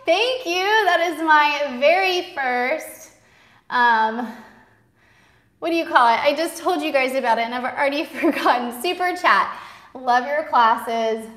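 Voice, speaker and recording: A woman's voice: high-pitched, unhurried, a bit bright. A woman teaching a live-streamed belly dance class, counting steps and calling out cues in a bubbly way. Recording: roomy studio with music behind.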